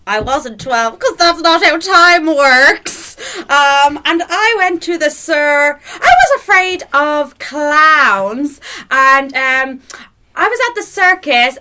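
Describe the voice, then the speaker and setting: A woman's voice: high-pitched, bright, forceful tone. A woman improvising a comic monologue hesitantly, with many ums. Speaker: improv performer.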